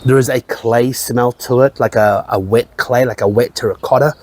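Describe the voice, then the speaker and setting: A man's voice: mid-range voice, fairly even intonation, moderate pace, darkish tone. Man rambling through whisky notes. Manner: rambling, repeats phrases, swears casually. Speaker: whisky reviewer. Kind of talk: casual tasting-note chat.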